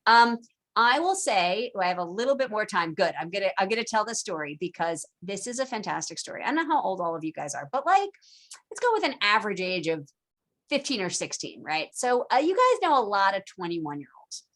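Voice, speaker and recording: A woman giving a casual online lecture over a video call, chatty and animated, acting out historical figures in jokey quoted voices. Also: medium pitch, a little fast. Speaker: teacher.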